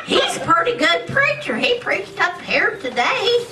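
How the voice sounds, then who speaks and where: A woman's voice: sing-song, moderate pace, bright, forceful tone, heavily acted. Woman playing a gossipy old country widow. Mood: chatty. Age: older. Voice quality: gossipy, folksy drawl with shrill rising squeals. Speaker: comedy sketch performer. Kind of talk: live stage comedy act. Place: outdoor community festival stage. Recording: distant echoey live recording with background noise.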